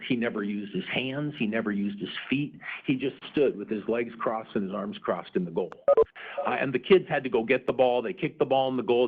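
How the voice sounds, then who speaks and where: A man's voice: mid-range voice, husky. A middle-aged man presenting at a conference, telling a story earnestly with frequent "uh" fillers. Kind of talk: storytelling talk. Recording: narrow phone-like sound.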